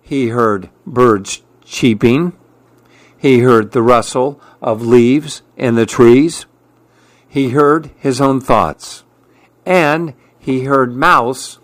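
Slow, calm male storyteller. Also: medium pitch, no echo. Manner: calm and measured. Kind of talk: children's story read-aloud.

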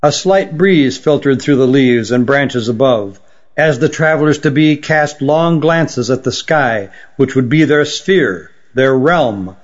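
A man reading a fantasy story aloud in measured, even scripted narration. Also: medium pitch. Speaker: audiobook narrator. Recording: dull lo-fi recording.

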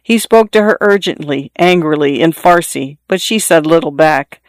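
A man reading a literary novel aloud as an audiobook narrator, in a measured, even storytelling delivery. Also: on the high side, no echo, clean studio sound.

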